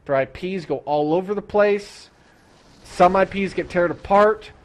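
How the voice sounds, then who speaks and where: A young man streaming, ranting about games in an excitable, profane, fast-talking way. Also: sits high. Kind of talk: ranting gaming stream chat.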